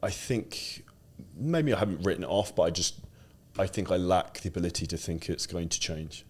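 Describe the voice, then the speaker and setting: A man with a very deep voice answers personal questions. His replies come short and halting, with restarts. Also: lively intonation, slightly rough. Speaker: podcast host.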